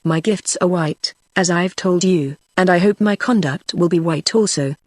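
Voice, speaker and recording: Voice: medium pitch, normal speed, a little mellow, dry recording, studio quality, lightly acted. A text-to-speech voice reading the lines of a young male frontier hunter who speaks in an earnest, rustic backwoods dialect. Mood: reassuring. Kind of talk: synthetic audiobook reading.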